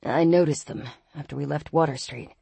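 Woman doing teasing young man, audiobook, low voice, dry close recording. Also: moderate pace, vocal fry, a little mellow, dry recording. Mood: tense, low. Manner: dry, laid-back teasing, turning low and terse. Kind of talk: audiobook character reading.

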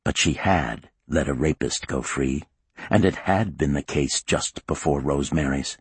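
Male audiobook narrator, very deep voice, husky, dry close recording, measured grave thriller reading. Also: dry recording.

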